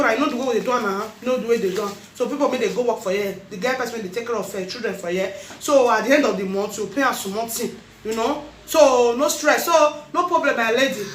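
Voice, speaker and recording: A woman speaking Nigerian Pidgin English, giving a lively birthday shout-out to camera with frequent laughter. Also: high-pitched, echoey room, slight background noise. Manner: animated, laughing often, rapid bursts. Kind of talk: excited casual monologue to camera.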